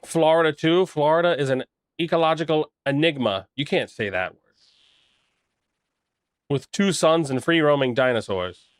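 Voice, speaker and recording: A man's voice: fairly high pitch, moderate pace, long pauses, smooth, no room sound. A young man chatting casually on a live stream, rambling and making crude jokes while reacting to chat. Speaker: livestreamer reading chat.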